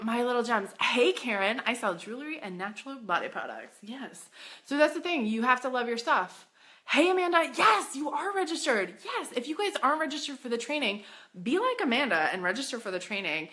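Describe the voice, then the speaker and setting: Bubbly, animated woman coaching live. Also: fairly high pitch, normal speed. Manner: bubbly, excitable, gushing; chatty, says "like" often. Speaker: boutique business coach. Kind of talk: casual live-stream coaching.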